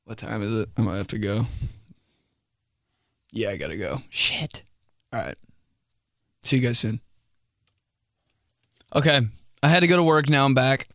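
A man's voice: medium pitch, lively intonation, measured pace, long pauses, a bit bright, no echo, clean studio sound. A man hosting a comedy show, reading out listener stories in a casual, joking way. He laughs often and slips into mocking voices.

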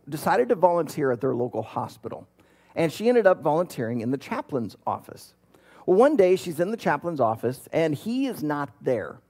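A man in his thirties, a pastor, speaks in a fairly high, slightly mellow, husky voice. He preaches a conversational sermon and tells a story full of fillers and restarts.

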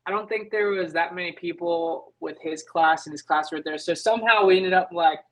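A young adult man, a motocross racer, telling stories as a podcast guest in an animated way, leaning on filler words. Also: fairly high pitch, brisk, poor audio. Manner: animated, leans on filler words, acts out his own past thoughts. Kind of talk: casual podcast storytelling.

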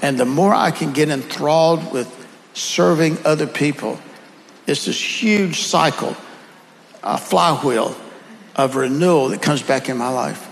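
Gravelly Southern man, folksy storyteller. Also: on the high side, unhurried, big-room sound, slight background noise, low-quality recording. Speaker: guest speaker. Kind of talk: conversational storytelling.

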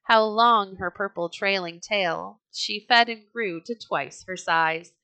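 A woman's voice: mid-range voice, takes it slowly, pushed and bright, no room sound. A woman reading as a chanting Norse sailor. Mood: exultant. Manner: rhythmic chanting recitation.

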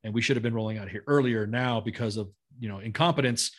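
A man's voice: lowish voice, quick pace, fairly bright tone. Blunt, profane middle-aged male veteran. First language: not English. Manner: blunt, profane, rambling with many restarts. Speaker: guest, army veteran. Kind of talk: casual storytelling.

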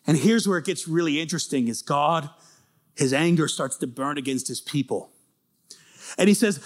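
A man preaching a sermon, retelling scripture as animated, dramatic storytelling that climbs toward near-shouting. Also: very high-pitched, fairly quick.

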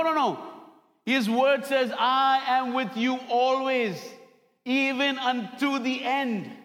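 Male pastor, high voice, preaching with dramatic storytelling, hall reverb. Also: fairly bright tone. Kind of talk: sermon.

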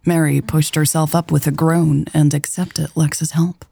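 A woman narrating a romance story in a calm, even storytelling voice. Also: low voice, unhurried, creaky, husky, no room sound. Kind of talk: scripted audiobook narration.

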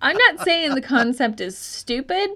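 A woman's voice: sits high, expressive, measured pace, pushed and bright. Blunt, frank podcast co-host woman. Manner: frank and blunt, swears freely. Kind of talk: casual movie-review chat.

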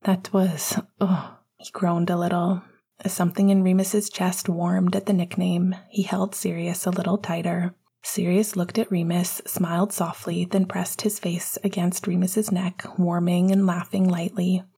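Woman's husky whispered narration. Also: fairly low pitch, level tone, moderate pace. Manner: hushed intimate reading. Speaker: audiobook narrator.

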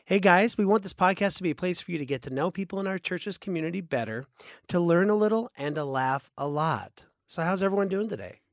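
A man hosts a casual church podcast with a voice that sits a little high for a man. He tells stories in an animated way, full of quick restarts. The sound is dry and close, with no room echo. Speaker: podcast host. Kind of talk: casual chat.

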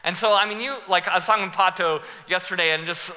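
A young male pastor preaches, spinning animated stories and acting out every scene. His voice rides a little high and sounds strikingly bright and sharp. It rings through a large church hall with long reverb trailing after it. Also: fast. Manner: animated, laughing storyteller who acts out scenes. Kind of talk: sermon with personal storytelling.

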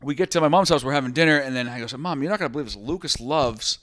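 A man's voice: medium pitch, quick pace, fairly bright tone, no room sound. A man co-hosting a podcast, telling a long story in casual chat, swearing freely and acting out quoted voices. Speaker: podcast co-host.

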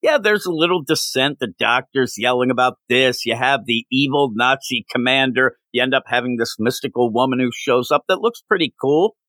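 A man co-hosts a podcast, casually reviewing comic books and acting out the characters' lines as he goes. His medium-pitched voice moves at a moderate pace with hardly any pauses, on a dry recording.

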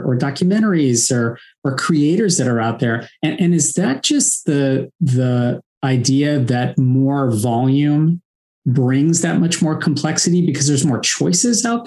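A man hosting an interview, reading an introduction and asking earnest, measured questions. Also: mid-range voice, a little mellow. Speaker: podcast host.

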